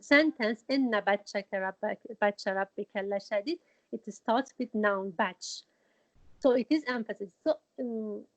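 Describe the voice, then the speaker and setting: Woman teaching slowly with halting restarts. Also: fairly high pitch. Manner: halting, with frequent restarts and Arabic quotations. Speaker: Quran teacher. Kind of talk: informal religious lesson. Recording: dull lo-fi recording.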